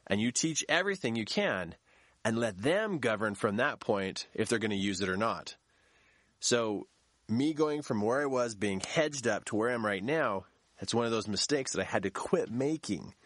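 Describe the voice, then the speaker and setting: A man's voice: lowish voice, fairly bright tone, no room sound. A man who works as a business coach gives a motivational talk, driving his points home by repeating key phrases.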